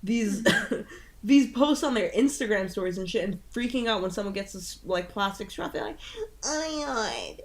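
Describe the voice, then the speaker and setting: A woman co-hosts a podcast from her home in Italy, chatting casually and freely with plenty of fillers and swearing. Her voice is mid-range and a little mellow, at a moderate pace.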